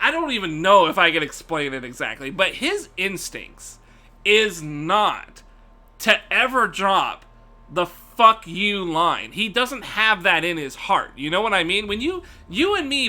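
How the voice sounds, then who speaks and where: A male streamer with a high, bright voice that swings widely in pitch. He rants to his live chat in a profane, animated way and keeps breaking into laughter. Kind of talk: casual live-stream rant.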